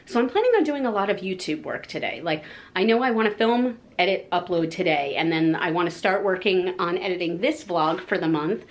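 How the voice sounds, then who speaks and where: A woman with a Southern American accent chatting casually in a vlog, gushing and excitable, with lots of fillers. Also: on the low side, brisk, few pauses. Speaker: vlogger.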